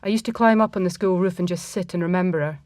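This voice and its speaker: A woman reading a first-person story aloud in a reflective, measured manner. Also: fairly low pitch, a little mellow, no room sound.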